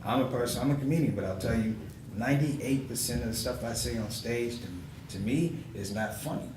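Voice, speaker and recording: A man in his forties, a comedian on a panel, telling stories in an animated way and acting out the voices of people he quotes. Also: medium pitch, fairly quick. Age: 40s. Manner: animated storyteller who acts out quoted voices with laughter. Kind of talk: storytelling panel talk. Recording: echoey hall from far off with noise.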